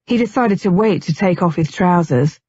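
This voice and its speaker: Husky woman narrating an audiobook. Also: lowish voice, expressive, moderate pace, a little mellow, no echo. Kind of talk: scripted narration. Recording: dull lo-fi, dry.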